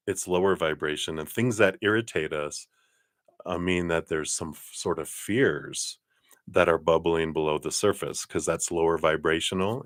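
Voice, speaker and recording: A man giving a live tarot card reading in a relaxed, chatty way, often laughing. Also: low voice, no echo, studio quality.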